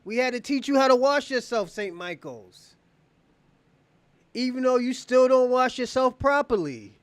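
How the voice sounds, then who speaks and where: A livestream host with a very high-pitched male voice and lively intonation speaks a little slowly, recorded dry. He delivers heated commentary and mockingly taunts his viewers, often breaking into laughter.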